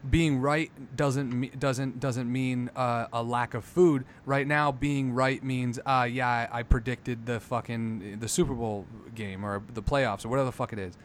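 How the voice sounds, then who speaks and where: A man in casual podcast chat, talking emphatically with lots of swearing and getting loud as he makes his points. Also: mid-range voice, a little hiss or hum. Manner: emphatic, profane, builds into loud rants.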